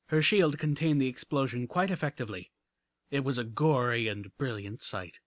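A man's voice: medium pitch, moderate pace, dry recording, clean studio sound. A man reading a first-person action story aloud with dramatic narration. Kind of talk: audiobook reading of fan fiction.

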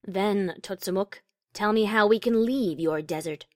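A man voicing a regal, commanding princess with a cool, clear voice, in a storybook reading. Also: high voice, measured pace, dry recording, studio quality, pitched above the performer's own voice.

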